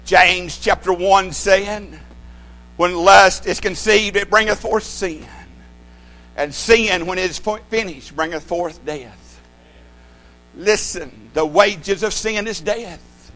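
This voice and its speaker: A male preacher delivering a sermon with a fairly high-pitched voice. He talks emphatically, rising to loud declarations and dropping to hushed tones, and he often repeats words as he restarts a phrase. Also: slow pace, low-quality recording.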